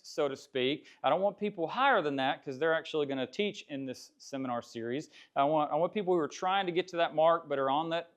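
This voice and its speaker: A man teaching a real estate investing class in a live seminar, talking candidly and conversationally and often repeating himself. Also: fairly high pitch. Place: classroom with cameras. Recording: dull lo-fi sound.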